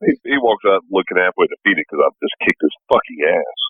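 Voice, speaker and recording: A man's voice: deep voice, lively intonation, a little fast, breathy edge, dry recording, phone-quality sound. A man who is a parent, playing a tabletop game over a video call, joking crudely and swearing a lot. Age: adult parent. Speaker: player.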